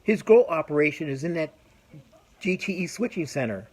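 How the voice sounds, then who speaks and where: A middle-aged male podcast host with a husky, fairly high, animated voice rants at normal speed. His casual opinion rant is blunt, profane, and rambling, full of restarts.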